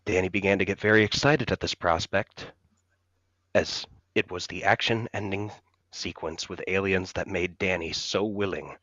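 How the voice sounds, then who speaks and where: A man's voice: low voice, bright, forceful tone, no room sound. A man co-hosting a podcast, reading a comedic story aloud in a mock-serious storytelling manner. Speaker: podcast co-host. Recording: dull lo-fi mic.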